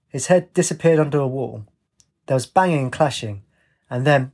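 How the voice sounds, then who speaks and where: Husky man narrating a story. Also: medium pitch, moderate pace, darkish tone.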